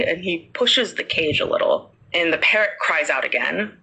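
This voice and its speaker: Bright, husky woman telling a story. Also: low-pitched, expressive, normal speed, hardly any pauses, rough recording. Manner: chatty, many fillers like "like". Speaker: podcast host. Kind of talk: casual storytelling.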